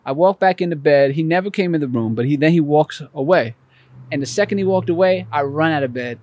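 Male podcast guest, higher-pitched voice, lively storyteller who acts out the voices, dry close sound. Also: a little fast, dry recording. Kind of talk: conversational storytelling.

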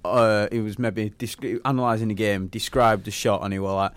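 A young man from the north of England, voice sitting low, chats on a podcast with friends. He argues his point with heat and keeps throwing out rhetorical questions. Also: moderate pace, clean tone, no echo. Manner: animated, ranting, rhetorical questions. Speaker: podcast co-host. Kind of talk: casual chat.

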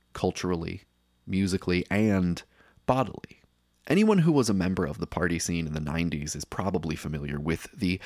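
A man in his thirties narrates a scripted podcast episode in a low, deep voice. His delivery is dry and wry, and he drifts into side anecdotes. The recording is close and dead, with no room sound. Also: dry recording. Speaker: podcast host.

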